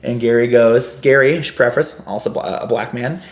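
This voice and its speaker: A young man, a podcast guest, telling stories in a casual, animated, rambling way with lots of fillers. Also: medium pitch, moderate pace. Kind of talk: casual storytelling. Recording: roomy echo.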